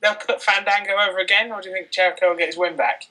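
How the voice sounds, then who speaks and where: Bright-voiced, wry young man. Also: sits high, fairly even intonation, fast, far from the mic, rough recording. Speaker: podcast host. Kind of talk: casual chat and reading listener tweets.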